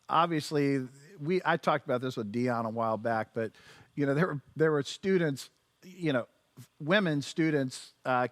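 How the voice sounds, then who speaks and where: A man co-hosting a casual church talk show, relaxed and setting up a story. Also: medium pitch, no room sound. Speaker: co-host. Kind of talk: casual conversation.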